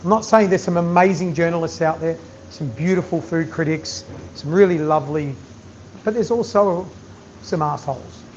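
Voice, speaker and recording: Blunt, high-voiced chef. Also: male voice, normal speed. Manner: blunt, animated, swears freely. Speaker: chef giving a masterclass. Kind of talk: candid talk to an audience. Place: event venue with audience. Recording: slightly dull sound with faint noise.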